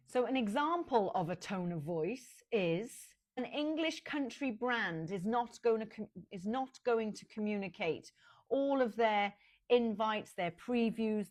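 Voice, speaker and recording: A woman working as a fashion business consultant, giving casual advice straight to the listener in a conversational way, with small restarts. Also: mid-range voice. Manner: conversational, with small restarts, addressing the viewer directly. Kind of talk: casual advice talk to camera.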